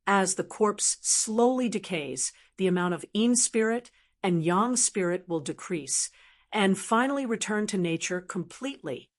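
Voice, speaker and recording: A calm, proud, wealthy necromancer knight, as a woman narrator puts him on. He speaks evenly and explains things patiently, in a fantasy audiobook read at a middle pitch. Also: measured pace.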